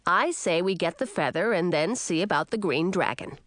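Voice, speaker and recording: A woman's voice: fairly low pitch, lively intonation, normal speed, a bit bright, no echo, studio quality. A woman doing an eager frog-boy.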